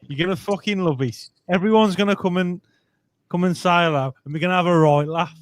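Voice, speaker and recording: A man hosts a football fan channel in an easy, matey way, coaxing and friendly in tone. His voice sits a little high and the recording is close and dry. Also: brisk, no echo. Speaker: channel host. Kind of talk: casual football chat.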